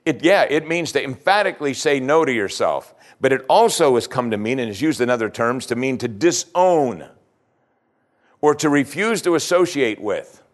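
A male pastor with an expressive, mid-range voice preaches at a normal pace. He retells scripture in plain, everyday language and speaks directly to the congregation in a conversational style.

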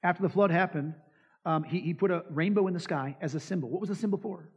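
This is a fast-talking pastor with a high-pitched, husky voice, preaching emphatically. He challenges the congregation with rhetorical questions and performs quoted lines. The recording is lo-fi and dull, with extended hall reverb.

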